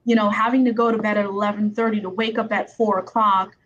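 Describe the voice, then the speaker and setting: A woman's voice: medium pitch, flat delivery, quick pace. A woman attorney hosting a podcast interview, talking in a chatty, conversational way. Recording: slightly dull sound with faint background noise.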